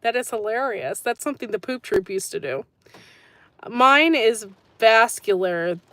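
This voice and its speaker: A woman's voice: fairly high pitch, expressive, unhurried, a bit bright, no echo. Woman host of a gardening channel, casual live-chat delivery, talkative and rambling, dry recording. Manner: chatty and rambling, laughs often. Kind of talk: casual live-stream chat answering comments.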